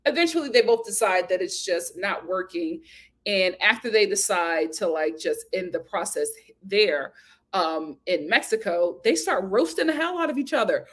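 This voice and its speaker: A woman host giving a casual, gossipy recap of a reality show, animated and laughing often as she acts out what people said. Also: mid-range voice, moderate pace.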